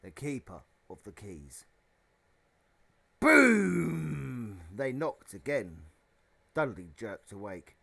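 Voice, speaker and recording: A man reading a children's novel aloud as narration, with a dramatic, expressive delivery. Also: fairly low pitch, a little slow, slightly rough. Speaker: audiobook reader. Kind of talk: storybook narration.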